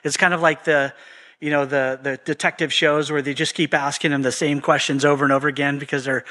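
Bright-voiced man teaching the Bible casually. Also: on the high side, level tone, brisk. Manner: conversational, paraphrases scripture in everyday slang.

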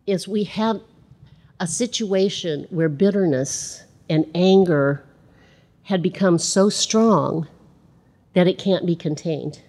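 A woman's voice: on the low side, warm tone. A woman giving a conversational sermon, reading scripture aloud and adding chatty asides. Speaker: Bible teacher.

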